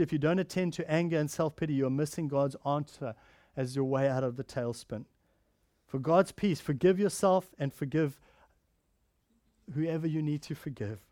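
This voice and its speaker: An earnest male preacher with a fairly high voice delivers a sermon, pressing hard on key phrases before easing into soft, hushed stretches. The sound is close and dry, with no room around it. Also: dry recording. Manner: earnest preaching, rising to emphatic then dropping soft and quiet.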